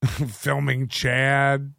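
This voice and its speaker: Sardonic man with a bright, tense voice. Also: medium pitch, little pitch movement, extremely slow, vocal fry, dry recording, clean studio sound. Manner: sardonic, mocking asides, reads chat comments aloud. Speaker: stream host reacting to clips. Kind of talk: casual live-stream commentary.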